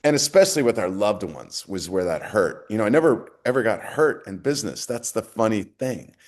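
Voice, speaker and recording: Middle-aged male podcast guest, lowish pitch, earnest reflective storyteller. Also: expressive, brisk, a little mellow. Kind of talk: casual interview talk.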